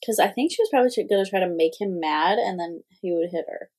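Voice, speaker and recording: A woman's voice: on the low side, fast talker, darkish tone. A woman in a casual gossip chat, mostly reacting with short interjections.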